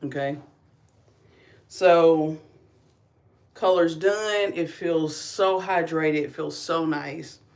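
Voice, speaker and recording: A middle-aged woman from Kentucky with a slight Southern drawl, chatting casually through a hair-care livestream. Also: low-pitched. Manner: chatty, talks viewers through each step. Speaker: beauty vlogger.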